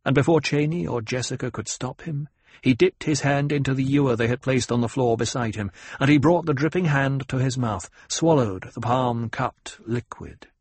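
A male narrator with a husky, grainy voice in a mid register, reading a story in a measured, even way. The recording is dry and close, with no room sound behind him. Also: medium pitch, no room sound. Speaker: audiobook narrator. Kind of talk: scripted narration.

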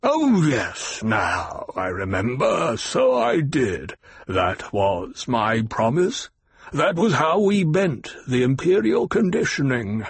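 A man reading an audiobook, voicing a cruel, scheming male baron villain with a slow, sneering delivery. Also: medium pitch, big pitch swings, slightly rough, dry recording, exaggerated voice.

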